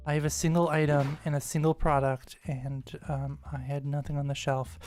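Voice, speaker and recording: A woman's voice: deep voice, level tone, normal speed, hardly any pauses, darkish tone, soft background music. A woman giving casual gameplay commentary, rambling and ranting with exasperated swearing. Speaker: gaming streamer.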